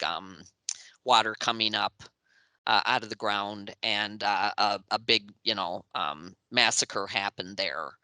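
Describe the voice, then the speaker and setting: A woman's voice: rumbling low, sharp tone, no room sound. A woman guest in an interview, telling a personal story earnestly, with frequent restarts.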